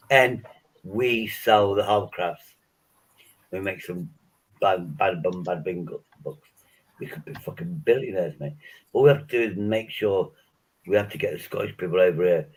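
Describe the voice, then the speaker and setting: A man's voice: sits low, poor audio. A man in a casual group chat, rambling through jokes and wild hypotheticals with plenty of swearing.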